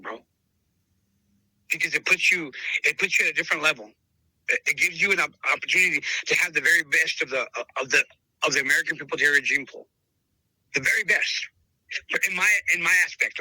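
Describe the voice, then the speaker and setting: A man's voice: on the high side, bright, forceful tone, no room sound, poor audio. A man telling stories about his breeding dogs in a podcast interview, often repeating and restarting words and calling the listener bro and brother. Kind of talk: animated storytelling in conversation.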